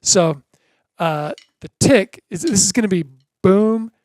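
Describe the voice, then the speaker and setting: Brief: patient drum teacher for total beginners, unhurried and encouraging, chants beats aloud, dry close sound. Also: medium pitch, expressive, a little mellow, no echo.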